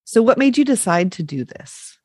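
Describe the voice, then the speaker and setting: A woman hosting a podcast, speaking reflectively and haltingly with many fillers. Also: fairly high pitch, sing-song, a little mellow, breathy edge, dry recording, studio quality. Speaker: podcast host. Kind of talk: casual podcast interview.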